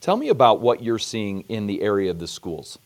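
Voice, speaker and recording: A man hosting an interview, measured and reflective, steering the talk with questions. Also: lowish voice, big pitch swings. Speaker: podcast host. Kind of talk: conversational interview.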